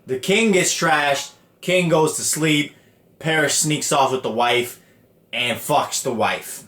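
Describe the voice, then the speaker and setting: A man hosting a podcast, retelling stories in a profane, animated, slangy rant. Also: fairly high pitch, takes it slowly, reverberant. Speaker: podcast host. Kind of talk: casual storytelling rant.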